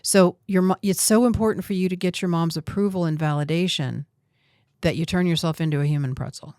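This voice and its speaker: Host-coach, female, lower register, direct and teasing delivery. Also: steady tone, brisk, darkish tone, dry recording, studio quality. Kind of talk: coaching conversation.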